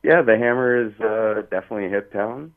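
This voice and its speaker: A man's voice: on the low side, quick pace. A man from Hamilton calling in to a radio show, talking in an emotional, heartfelt, emphatic way. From Hamilton, Ontario. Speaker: caller. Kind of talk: phone-in chat. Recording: tinny phone line.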